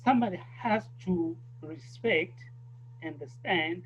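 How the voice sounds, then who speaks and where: A man's voice: high-pitched, measured pace, slight background noise, poor audio. A man with a South African accent, a guest in a conversation, speaking in a thoughtful and emphatic way. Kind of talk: casual conversation.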